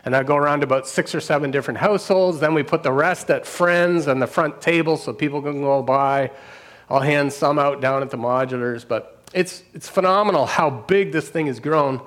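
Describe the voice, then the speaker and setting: A man's voice: fairly high pitch, a little fast, fairly bright tone. Earnest middle-aged man telling his story. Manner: earnest storytelling, laughs often, trails off and restarts. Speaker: pastor and street outreach worker. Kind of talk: personal testimony.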